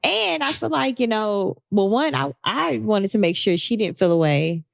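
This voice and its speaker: A woman's voice: mid-range voice, animated, normal speed, creaky, dry recording, studio quality. A woman co-hosting a casual podcast, giving thoughtful, rambling answers full of "you know.". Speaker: podcast co-host.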